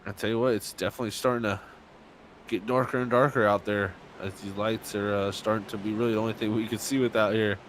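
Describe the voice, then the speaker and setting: A man's voice: lowish voice, steady tone, fast, slight background noise. A man calling a sim racing event as play-by-play commentator, chatty and laughing between his remarks.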